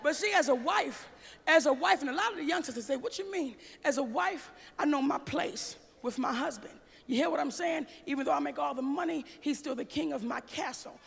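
Brash gravelly woman doing stand-up. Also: high voice, a little fast. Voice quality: brash, profane, shouts punchlines. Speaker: stand-up comedian. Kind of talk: live stand-up set. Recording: live stage show in a large hall with a loud audience.

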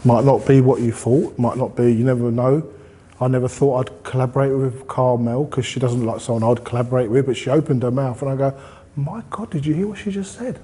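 A man's voice: mid-range voice, little pitch movement, a little fast, mellow. A man speaking at a group meeting, giving a conversational motivational talk and asking the audience questions. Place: meeting room.

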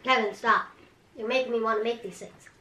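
A woman's voice: fairly high pitch, steady tone, fairly quick, pushed and bright. A woman chatting casually and teasing her friends while tasting snacks on camera. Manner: playful, teasing. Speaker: co-host. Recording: echoey room with background noise.

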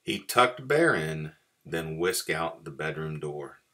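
Pastor reading a children's picture book aloud, deep voice, bright tone, unhurried, expressive. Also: male voice. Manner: expressive storytelling.

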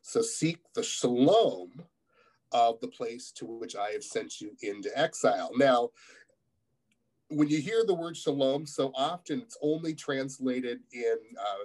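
Poor audio captures a man with a mid-range voice giving a guest sermon. He reads scripture, asks the congregation questions and stumbles through hesitant stretches full of fillers and restarts.

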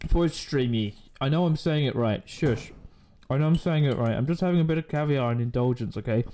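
Man streaming live, fairly high voice, joking, rambling, eating while talking, desk mic. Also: brisk, dark tone. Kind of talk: casual live-stream chat. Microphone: desk microphone.

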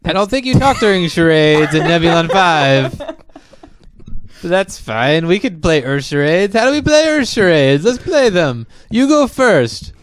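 A man voicing a formal, deadpan male alien visitor in an improvised comedy scene, speaking slowly and stiffly. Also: a little high, no room sound. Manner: slow, stiff, formal diction.

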